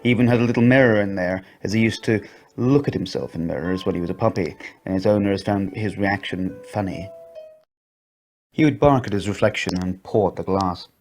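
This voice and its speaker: A man narrating a children's story in an expressive storybook reading voice. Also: lowish voice, fairly quick.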